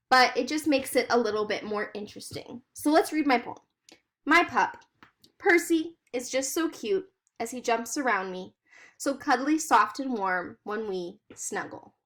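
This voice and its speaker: A woman teacher giving a recorded lesson to fourth graders, explaining each step clearly and encouragingly. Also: a little high, a bit bright.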